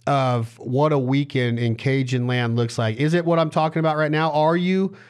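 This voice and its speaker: A man's voice: medium pitch, normal speed, smooth. A man hosting a podcast over a video call, joking and riffing on wordplay, with a Western American accent. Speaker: podcast host. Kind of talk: casual chat.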